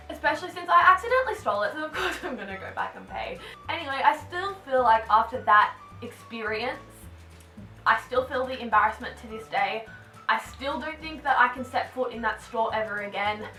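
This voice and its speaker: A young Australian woman chats through a storytime vlog, her voice bright and a little high, peppered with "like." She sounds a bit far from the mic in an echoey room, with soft music underneath. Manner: chatty, animated, lots of "like" fillers. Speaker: vlogger.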